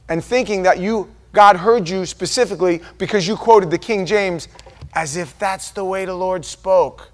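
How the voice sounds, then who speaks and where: A high-pitched American man delivers a sermon with lively energy. He acts out quoted voices and sometimes falls to a low, quiet aside before climbing back up. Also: moderate pace. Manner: animated preaching with quoted voices and sudden soft drops. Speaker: pastor.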